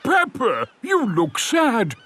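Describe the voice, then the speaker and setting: A man's voice: very high voice, huge pitch swings, slow, bright, forceful tone, a little hiss or hum, full character voice. An actor voicing a cheerful, boastful elderly male rabbit inventor in a cartoon, bouncy and sing-song, with cartoon music behind. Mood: jolly.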